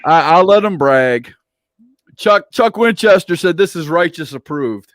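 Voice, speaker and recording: A man's voice: on the high side, lively intonation, unhurried, a bit bright, dry recording, studio quality. A man hosting a casual livestream interview, playful and teasing as he reads viewer comments aloud. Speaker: interview host.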